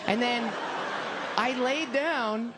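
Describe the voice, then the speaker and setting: A woman's voice: fairly high pitch, drawn-out words. A woman comedian doing a stand-up routine on a club stage, telling a crude story in a rambling, self-interrupting way. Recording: live club recording with audience noise.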